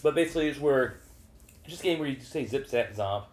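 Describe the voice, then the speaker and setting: Woman, very deep voice, quick explainer, roomy echo, faint background noise. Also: expressive, darkish tone. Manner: quick, explanatory, asks follow-up questions. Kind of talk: casual chat.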